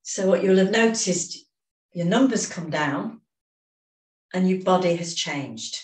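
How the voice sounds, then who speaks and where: A woman leading a guided emotional tapping session, giving calm step-by-step instructions and phrases to repeat. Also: lowish voice, slow. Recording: echoey room, distant mic.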